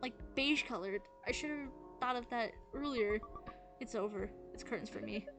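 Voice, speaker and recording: Woman reads a shy anxious teen girl's inner thoughts, game music playing, a little high. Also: moderate pace, natural voice. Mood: despairing. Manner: nervous inner monologue. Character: shy anxious teenage girl.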